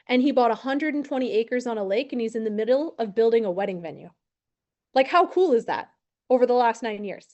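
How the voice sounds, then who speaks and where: A woman in her thirties who trains insurance agents, telling a lively story with acted-out quotes. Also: fairly high pitch. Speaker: insurance and financial advisor training new agents. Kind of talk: storytelling talk to a team.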